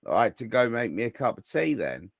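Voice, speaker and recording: A man's voice: medium pitch, very animated, brisk, creaky, no echo, studio quality. A man co-hosting a wrestling podcast, chatting casually with a joking manner. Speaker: podcast co-host. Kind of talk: casual chat.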